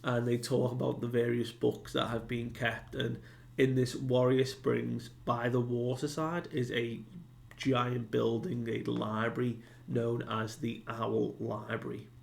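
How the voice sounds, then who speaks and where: A man's voice: mid-range voice, flat delivery, a little slow, gravelly, a little mellow. A man giving a casual recap of a comic chapter, retelling it loosely with many fillers and asides. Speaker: manga reviewer.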